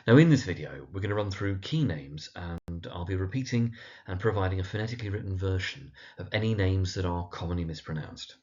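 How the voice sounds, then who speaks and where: Male teacher with a low voice for a pronunciation lesson, careful and deliberate, dull lo-fi sound. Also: expressive, darkish tone. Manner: careful, repeats each name slowly and deliberately. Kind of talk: instructional pronunciation guide.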